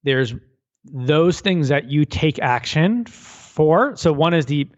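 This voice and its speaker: Animated male author telling a parable. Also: fairly high pitch, takes it slowly, dull audio. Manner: energetic storyteller, repeats words when restarting. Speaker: author and guest. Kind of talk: radio interview.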